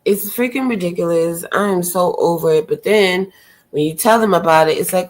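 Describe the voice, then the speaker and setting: A woman's voice: on the low side, expressive, brisk, gravelly. Blunt, exasperated woman ranting on stream. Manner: blunt and exasperated, with rhetorical questions and swearing; loud and gushing when she greets a viewer. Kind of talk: ranting live stream commentary.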